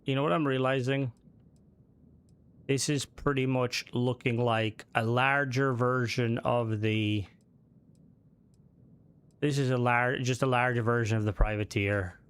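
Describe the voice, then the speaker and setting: A man's voice: medium pitch, steady tone, a little slow, long pauses, clear, resonant tone. A man streaming a game, thinking aloud and mumbling as he builds a ship in casual commentary.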